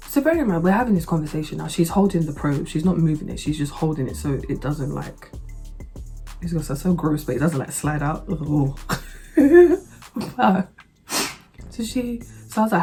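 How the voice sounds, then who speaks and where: Low-voiced, sarcastic woman. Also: normal speed, faint music behind. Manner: blunt, sarcastic and expressive. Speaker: vlogger. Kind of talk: animated storytime monologue.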